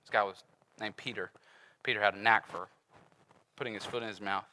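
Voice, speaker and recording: Male preacher, bright and forceful tone, animated and conversational, acts out story voices. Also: fairly low pitch, brisk, slight background noise, poor audio. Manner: casual, conversational preaching with fillers. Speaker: pastor. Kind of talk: sermon.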